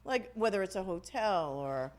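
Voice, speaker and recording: A woman co-hosting a podcast, reacting to a story with quick, amused questions in casual chat. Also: mid-range voice, lively intonation. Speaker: podcast co-host.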